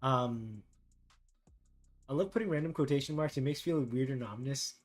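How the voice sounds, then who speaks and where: A man streaming while he draws, chatting casually with viewers, thinking out loud and reading text aloud haltingly. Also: mid-range voice, soft background music. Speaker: art streamer. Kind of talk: casual livestream chat while drawing.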